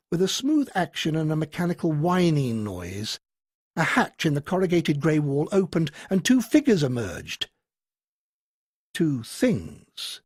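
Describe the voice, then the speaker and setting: A man narrating a science fiction audiobook in a dramatic, expressive storytelling manner. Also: a little high, breathy edge, no echo, studio quality. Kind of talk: scripted narration.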